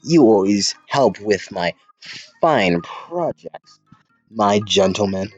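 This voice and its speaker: A man's voice: lowish voice, lively intonation, takes it slowly, husky, no echo, lo-fi sound, faint music behind, exaggerated voice. A man voicing a doting, prim woman builder in a put-on British accent, gushing and formal as he reads a fan comic aloud. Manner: formal, gushing, repeats "my fine gentleman".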